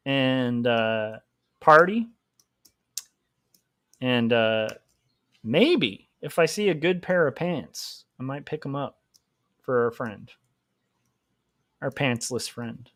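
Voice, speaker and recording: A man's voice: mid-range voice, animated, slow, pauses often, fairly bright tone, dry recording. A man hosting a casual livestream while drawing, rambling and joking at his own expense. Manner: joking, rambling, self-mocking. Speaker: livestream host, comic artist.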